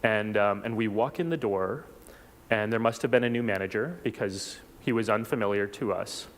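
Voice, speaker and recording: A man from South Texas giving a reflective personal talk at a church forum, unhurried, with small restarts. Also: on the low side. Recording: long hall reverb.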